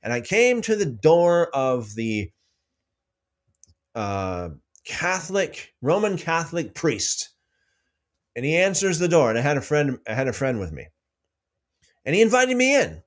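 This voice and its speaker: A man's voice: measured pace, long pauses. A man hosting a casual livestream about faith, reading out viewer comments and telling stories with many restarts. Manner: rambling, restarts often, lively pitch swings when telling stories.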